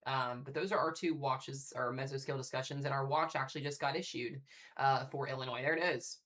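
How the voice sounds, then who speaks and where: A fast-talking man runs a live storm-coverage stream from home, his voice bright and forceful. He chats eagerly and speaks directly to the people watching. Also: mid-range voice. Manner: chatty, excitable, talks straight to viewers. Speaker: severe weather live streamer. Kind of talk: casual live weather commentary.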